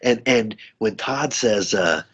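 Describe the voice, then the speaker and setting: A male podcast host in a casual, profane, excitable film review chat who acts out movie lines. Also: fairly low pitch, slow, husky, highs cut off.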